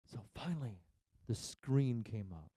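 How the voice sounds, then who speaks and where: A pastor preaching a sermon, telling a funny family story and acting out the voices of everyone involved. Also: male voice, mid-range voice, expressive, unhurried, background noise. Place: church sanctuary.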